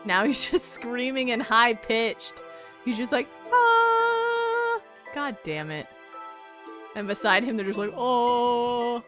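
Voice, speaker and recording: A woman's voice: a little high, a little slow, pushed and bright, soft background music. A woman streamer chatting to herself casually and animatedly while she plays a game live.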